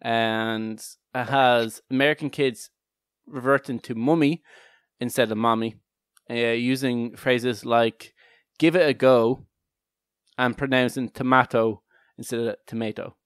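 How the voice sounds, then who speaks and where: A man's voice: mid-range voice, steady tone, slow pace, clear, resonant tone, no room sound, studio quality. A man co-hosting a podcast in casual chat, rambling with laughs and restarts. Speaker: podcast co-host.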